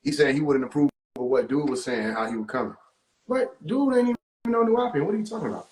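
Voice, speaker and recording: A young man with a high voice rants on a phone livestream, laughing often and cursing freely. His voice rings around an echoey room. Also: quick pace. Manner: animated, laughing often, profane slang. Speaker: livestream host. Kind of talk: casual livestream rant.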